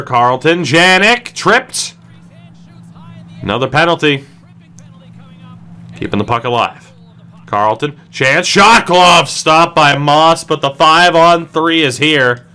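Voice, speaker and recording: A man calls his own hockey video game in lively play-by-play, his voice bright and sharp with wide swings in pitch. He drags his words out slowly and leans on each call, from despairing groans up to sudden shouts. A faint hum sits under the recording. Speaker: gaming streamer. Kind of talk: excited play-by-play commentary.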